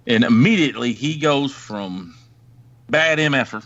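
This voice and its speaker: A man's voice: fairly low pitch, measured pace, dull audio. Rambling crude storyteller man from the Ozarks. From Ozarks, United States. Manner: rambling, crude, animated, acts out voices. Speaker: podcast storyteller, former police officer. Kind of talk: casual storytelling chat.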